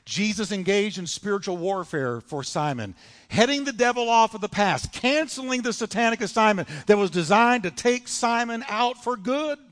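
A man's voice: high-pitched, moderate pace, a bit bright. A man preaching a sermon in a church, dramatic and emphatic, retelling scripture stories. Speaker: pastor. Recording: long church hall reverb.

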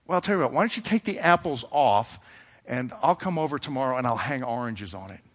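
A man's voice: medium pitch, lively intonation, fairly quick, fairly bright tone, big-room sound, pitched below the performer's own voice. A man voicing an easygoing male store clerk in a sermon, talking in an offhand, reassuring way.

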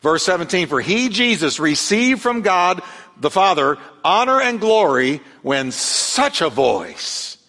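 Animated preaching man, church echo. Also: high voice, takes it slowly. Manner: animated storytelling, acts out quoted voices. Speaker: pastor. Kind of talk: sermon. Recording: long hall reverb.

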